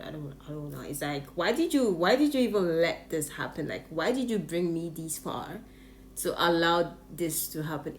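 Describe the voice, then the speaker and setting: Lively Nigerian woman telling her story. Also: sits low, slight background noise. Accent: Nigerian English. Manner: animated, expressive storytelling with frequent laughter. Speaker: vlogger. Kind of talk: storytime vlog. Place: Japan.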